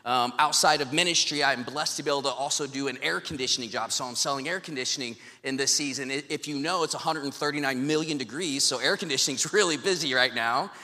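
A man's voice: mid-range voice, quick pace, few pauses. A man pastor preaching a sermon in a church, casual and joking, telling stories with plenty of fillers. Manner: casual, joking, animated storytelling. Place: church sanctuary. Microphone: handheld mic. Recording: echoey hall, long reverb.

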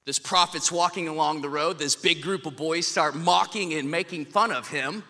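Joking pastor preaching in an echoey hall. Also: male voice, fairly high pitch, normal speed. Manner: casual, joking, animated storytelling. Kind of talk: sermon. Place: church sanctuary. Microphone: handheld mic. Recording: echoey hall, long reverb.

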